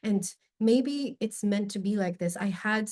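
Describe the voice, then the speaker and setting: A woman guest on a podcast telling a personal anecdote in a lively, candid way, swearing casually and openly admitting when it moves her. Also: medium pitch, unhurried. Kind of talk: conversational storytelling.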